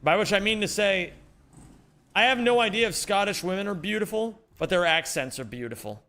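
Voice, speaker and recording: Speaking briskly in a high-pitched voice, this young gaming streamer chats with viewers during his stream. His talk is lively and meandering, full of jokey banter.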